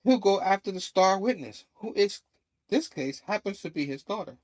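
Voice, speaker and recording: A man's voice: high voice, animated, normal speed, a little mellow, voice pushed up. A man reading She-Hulk's lines as a firm, explanatory female lawyer hero in his own voice.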